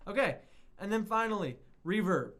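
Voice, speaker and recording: A man's voice: sits high, animated, normal speed, a bit bright. A man giving a casual, rambling lesson on music production, often correcting himself as he goes. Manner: chatty, rambling, self-correcting.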